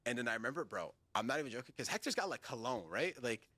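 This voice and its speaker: A man's voice: medium pitch, fast, dry recording. A man telling a story on a casual podcast, swearing freely and acting out what people said. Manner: animated, profane storytelling with acted-out quotes.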